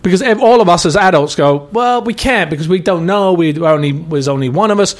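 A man's voice: sits high, a little fast. A middle-aged man from England, a charity founder and actor, talking in a casual interview with many restarts and fillers.

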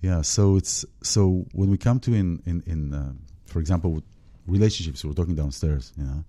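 Deep-voiced man talking spirituality. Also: dark tone. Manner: halting, searching for words with many restarts. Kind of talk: spiritual conversation.

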